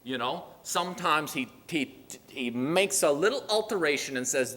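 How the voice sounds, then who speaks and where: A man's voice: on the high side, expressive, normal speed, hardly any pauses. Earnest male preacher in a reverberant church. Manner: earnest, pleading, rising to loud emphatic bursts. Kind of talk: sermon. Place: church sanctuary. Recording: long hall reverb.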